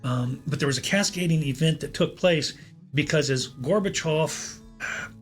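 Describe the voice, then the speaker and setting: A man telling a personal story on his podcast, animated and a little higher-pitched than most men. He stumbles over repeated words and chuckles as he goes, over faint guitar music. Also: normal speed. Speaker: podcast host.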